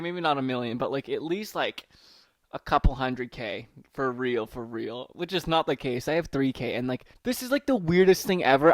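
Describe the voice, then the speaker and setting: A young man with a medium-pitched voice nervously rambles through a solo podcast intro, reading from a letter and casually swearing. There's no room sound on the recording.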